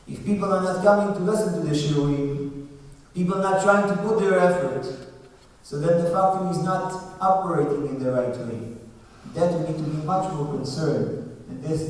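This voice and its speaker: High-voiced rabbi in an echoey hall. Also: male voice. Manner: earnest, storytelling with emphatic rises. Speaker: rabbi giving a eulogy. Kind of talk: eulogy sermon. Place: synagogue hall. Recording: distant echoey hall recording.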